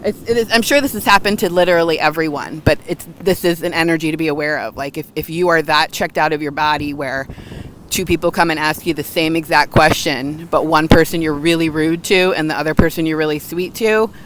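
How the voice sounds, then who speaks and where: A woman's voice: low-pitched, steady tone, a little fast, a little hiss or hum, poor audio. Chatty woman vlogging by the water. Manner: chatty, loose, with filler words and restarts. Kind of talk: casual storytelling monologue. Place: outdoors by the water.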